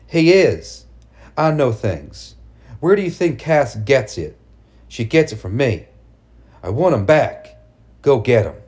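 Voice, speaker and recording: A man's voice: medium pitch, very animated, takes it slowly, long pauses, darkish tone. A man voicing a mother driven mad by grief, speaking in a cold, bitter, commanding way in a storybook reading. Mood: demanding.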